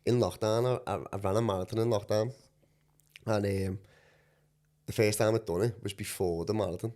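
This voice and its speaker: A young man chatting on a podcast in a low voice. He rambles through his stories with lots of slang, quick laughs and loose, unfinished sentences. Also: fairly even intonation, a little mellow. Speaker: podcast guest, breathwork coach. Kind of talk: casual chat.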